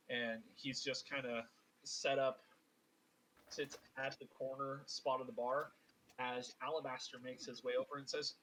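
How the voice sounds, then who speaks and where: A man narrating as game master of a tabletop game, casual and animated, with lots of filler words. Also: mid-range voice, slight background noise, rough recording.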